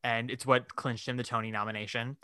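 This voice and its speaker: A man co-hosts a casual podcast chat in a lively way. He acts out little quoted reactions and leans on "like". His voice is bright, and the sound is dry and close. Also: mid-range voice, fairly quick, clear, resonant tone, dry recording. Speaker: podcast co-host. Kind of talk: casual chat about musical theatre.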